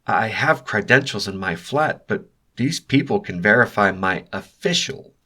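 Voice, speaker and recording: A man voicing a young male graduate intern who speaks carefully and tries to calm things down. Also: lowish voice, moderate pace, heavily acted. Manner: careful, conciliatory.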